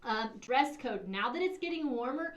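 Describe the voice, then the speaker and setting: Speaking at an ordinary pace, this middle-aged woman's high, expressive voice carries a teacherly sing-song as she gives schoolkids their morning announcements and voices the children's lines herself. It sounds captured at a distance in a reverberant room, with light hiss underneath.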